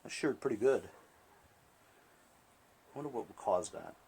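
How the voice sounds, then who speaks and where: A man's voice: fairly low pitch, animated, normal speed, gravelly, darkish tone, husky. A man casually talking viewers through a lawn tractor engine repair while he works, chatting to them as he goes. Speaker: small-engine repair vlogger. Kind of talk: casual hands-on repair demonstration.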